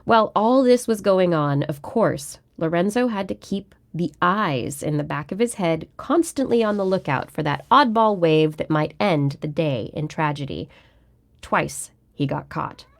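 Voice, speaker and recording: Woman storyteller, lower register, measured book reading recorded at home. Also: vocal fry. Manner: steady, measured read-aloud delivery. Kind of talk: reading a book chapter aloud.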